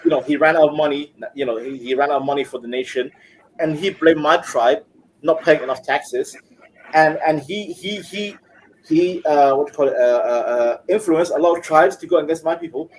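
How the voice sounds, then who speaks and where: A man's voice: fairly high pitch, fairly quick, a little hiss or hum, rough recording. A man from Somaliland calling into a live stream, arguing heatedly and stuttering as his words rush out. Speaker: caller.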